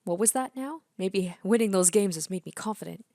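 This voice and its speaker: A woman's voice: medium pitch, a little fast, hardly any pauses, dark tone, no echo, clean studio sound. Chatty woman playing a game. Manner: musing, chatty. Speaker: let's play host. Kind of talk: casual game commentary.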